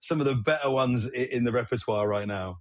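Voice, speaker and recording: A man co-hosting a podcast, chatting casually and telling lively, sweary stories that act out movie quotes. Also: medium pitch, a little fast, dry recording. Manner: animated, swearing storyteller who acts out movie quotes. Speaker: podcast co-host. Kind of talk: casual chat.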